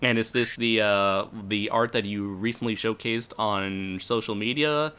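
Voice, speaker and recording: A man's voice: on the low side, measured pace, smooth. A man hosting a casual podcast, joking and laughing often with his guests. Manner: animated, laughs often, jokey. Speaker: podcast host.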